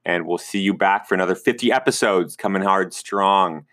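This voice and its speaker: A man's voice: low voice, normal speed, a bit bright, no echo, clean studio sound. A man hosting a podcast, chatting with his parents and then signing off to listeners in an upbeat, casual way. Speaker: podcast host. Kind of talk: casual chat.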